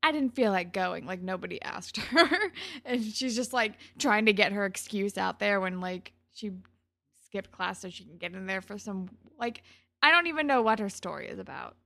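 A woman's voice: medium pitch, lively intonation, moderate pace, vocal fry, sharp tone. A woman co-hosting a casual podcast, chatting and giggling as she recaps a TV episode. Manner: chatty, giggly, many "like" fillers. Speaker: podcast co-host.

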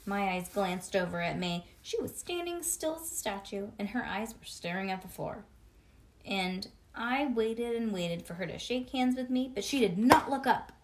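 A woman reading a children's storybook aloud to a child in an expressive, sing-song way. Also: medium pitch, moderate pace. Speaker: reader.

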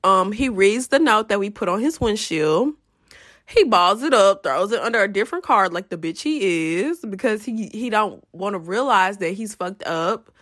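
Animated young woman telling a storytime. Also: mid-range voice, normal speed. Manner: animated, profane, addresses viewers as y'all. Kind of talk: casual storytime to camera.

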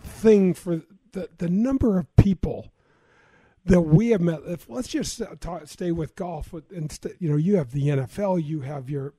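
Guy in his 60s, kinda high voice but mellow, rambly storytelling, keeps restarting sentences. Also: moderate pace, husky, no room sound, faint music behind. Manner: reflective storytelling with false starts. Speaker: guest. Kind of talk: conversational interview.

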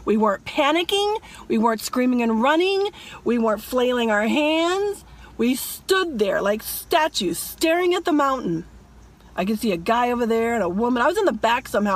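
Woman, high-pitched, emphatic, dramatic dream story, preachy vlog. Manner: emphatic, addresses viewers as "people". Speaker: religious vlogger.

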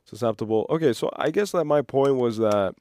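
A man hosting an unscripted solo podcast, rambling and excitable, sometimes losing his train of thought. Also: medium pitch, brisk, dry recording. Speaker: podcast host.

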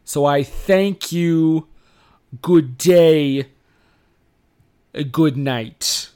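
A man impersonating a famous male actor with a deliberately bad, very slow, deadpan delivery. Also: fairly high pitch, smooth, pitched above the performer's own voice. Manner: very slow, drawn-out, flat delivery.

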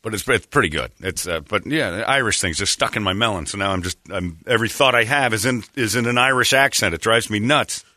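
A man's voice: on the low side, brisk, few pauses, sharp tone, dry recording, studio quality. A man hosting a morning radio show in casual chat, rambling and breaking off his own sentences as he tells stories. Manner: rambling, self-interrupting storyteller.

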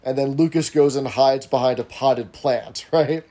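A man with a mellow, medium-pitched voice, speaking a little slowly, hosts a casual podcast chat recapping an episode scene by scene. He throws in asides and keeps checking in with a rhetorical "right?".

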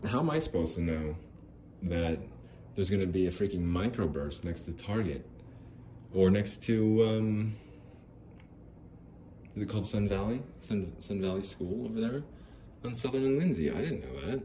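Telling a lengthy personal tale in a relaxed, rambling way, this very low-voiced man curses often and performs other people's lines. He's expressive and warm at a normal speed with long pauses, over faint background noise.

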